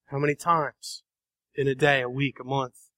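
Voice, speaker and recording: A man preaching a sermon, dramatic, acting out voices and shifting between soft and loud passages. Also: medium pitch, little pitch movement, normal speed, no echo. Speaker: pastor.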